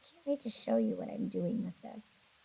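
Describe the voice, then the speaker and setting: A woman's voice: on the low side, huge pitch swings, moderate pace, vocal fry, warm tone, husky, low-quality recording. A woman teacher recording a video lesson for young children, patient and encouraging, a little sleepy and yawning. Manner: patient, encouraging, talks to kids directly.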